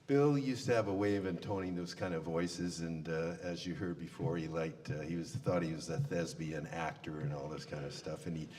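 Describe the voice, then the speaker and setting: Man, low voice, folksy funeral eulogy, reverberant hall. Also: fairly even intonation, normal speed, few pauses, a little mellow. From Canada. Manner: folksy storyteller with many fillers. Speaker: eulogy speaker. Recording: long hall reverb, faint room noise.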